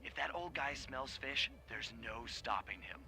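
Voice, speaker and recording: A man voicing a cool-headed male raccoon master thief who calmly lays out mission plans with dry humor. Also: mid-range voice, measured pace, exaggerated voice. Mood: wry. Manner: calm, wry, giving mission orders. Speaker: video game character. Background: game music.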